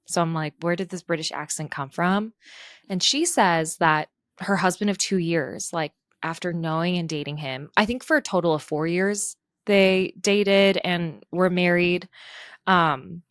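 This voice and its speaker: A woman's voice: on the low side, no room sound. Chatty woman podcast co-host, dry sound. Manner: animated storyteller, acts out quotes, swears. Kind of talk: casual chat.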